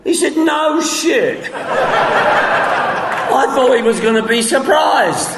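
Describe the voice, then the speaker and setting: A man telling his story at a recovery meeting, acting out the dialogue with coarse humor and sudden shouts. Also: very high voice, lively intonation, moderate pace, very noisy. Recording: echoey hall with long reverb.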